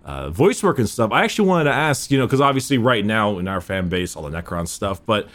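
A man with a low voice that swoops lively up and down, hosting a casual interview. He is eager and chatty, repeating words and using slang. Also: a little fast. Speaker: podcast host.

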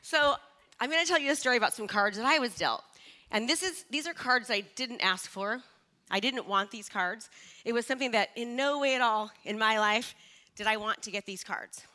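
A woman in her forties giving an energetic, chatty stage talk and drawing the live audience in, a little nervous. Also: a little high, moderate pace. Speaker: motivational speaker.

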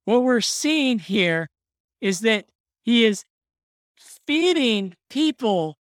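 A woman co-hosting a casual podcast chat, excitable, laughing often and saying "like" a lot. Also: a little high, slow pace, dry recording, clean studio sound. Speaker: podcast co-host. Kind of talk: casual chat about a film.

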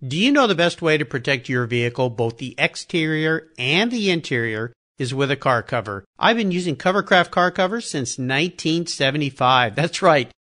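A man's voice: a little high, moderate pace, hardly any pauses. A man hosting a podcast, chatting with a guest and reading sponsor spots in an upbeat manner. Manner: upbeat, lively host delivery. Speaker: podcast host. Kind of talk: podcast interview and sponsor reads.

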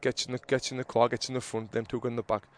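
A man's voice: medium pitch, racing. A man telling stories in casual chat, acting out arguments with rising heat. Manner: animated storyteller who acts out arguments loudly.

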